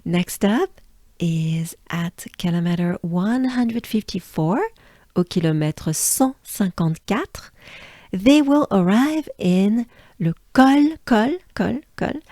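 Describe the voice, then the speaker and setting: Slow-drilling French woman teaching pronunciation. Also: medium pitch, warm tone, dry recording, clean studio sound. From France. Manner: repeats sounds patiently, coaching the listener along.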